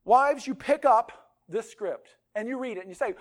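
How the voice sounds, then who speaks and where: A man preaching a sermon, swinging from loud outbursts to hushed near-whispers, with self-deprecating humor. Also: extremely high pitch, moderate pace. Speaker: pastor.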